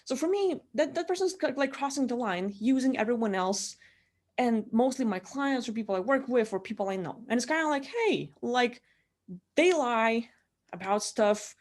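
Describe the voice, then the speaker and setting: A woman's voice: fairly high pitch, lively intonation, normal speed. A young woman vlogger venting in a casual, rambling way, swearing, laughing mid-sentence and acting out what others say.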